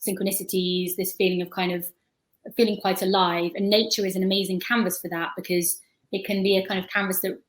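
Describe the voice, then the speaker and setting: A woman's voice: mid-range voice, flat delivery, a little fast, poor audio. A woman on a video-call panel, talking at length in a thoughtful, chatty way and often restarting her words.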